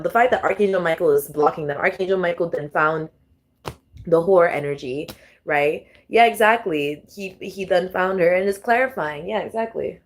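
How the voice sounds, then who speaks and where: A young adult woman doing a casual tarot reading vlog, talking straight to her viewers, swearing freely and laughing often. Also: on the low side. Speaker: tarot reader.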